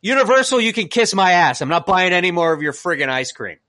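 A man co-hosting a casual podcast, telling a story as an exasperated rant. His pitch swings widely and he mimics the people he argues with. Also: fast. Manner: animated, exasperated ranting with mocking quoted voices. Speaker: podcast co-host.

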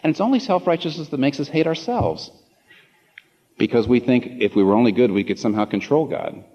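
A man's voice: mid-range voice, expressive, brisk, warm tone. A man preaching a sermon with passion, rising into emphatic rhetorical questions, in a large church. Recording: dull reverberant hall recording.

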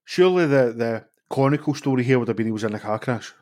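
A Scottish man hosting a casual podcast chat, relaxed and jokey, with the odd swear. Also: medium pitch, fast talker. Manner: relaxed, chatty, swears and jokes about. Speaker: podcast host.

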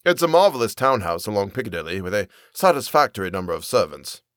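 A man playing a smooth, polite uncle. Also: fairly low pitch, very animated, fast, dry recording, studio quality. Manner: polite, benevolent, smiling. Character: smooth, falsely kind middle-aged uncle.

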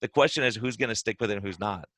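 A weight-loss coach hosts a podcast, telling client stories in a casual, animated style and acting out what they said. His voice sits on the lower side and races along very fast, with no echo.

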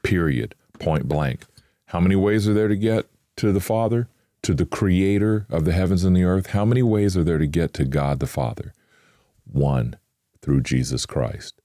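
Brief: earnest man teaching scripture casually, mellow and very low, dry close sound. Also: moderate pace, no echo. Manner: earnest, conversational, with emphatic asides; acts out worried inner voices. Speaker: Christian podcast host. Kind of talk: informal devotional teaching.

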